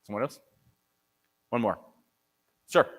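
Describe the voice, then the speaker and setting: A man giving a live conference presentation and taking audience questions, talking energetically with many restarts and repeated words. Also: slow. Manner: energetic, repeats and restarts often, conversational pitch. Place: conference hall.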